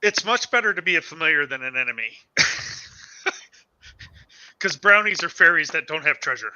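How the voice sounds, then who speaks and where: Bright-voiced joking man. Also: a little high, animated, moderate pace, no room sound, highs cut off. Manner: joking, laughing easily. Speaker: player. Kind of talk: tabletop game play on a livestream.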